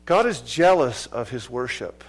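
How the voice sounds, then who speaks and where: A male pastor preaching a sermon with passion, swinging between loud exclamations and quiet, low drops. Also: big pitch swings, unhurried, soft background music.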